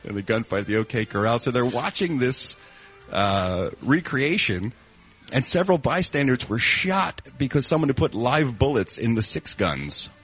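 Radio showbiz reporter, male, animated, jokey delivery, faint music bed. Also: mid-range voice, moderate pace, husky. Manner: jokey, laughs through his stories. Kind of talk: casual radio banter.

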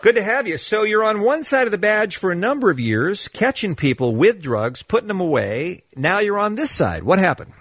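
A man's voice: high-pitched, sing-song, a bit bright, husky, no echo. A male morning radio host taking calls and joking with callers. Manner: joking, quick banter. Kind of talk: morning radio call-in chat.

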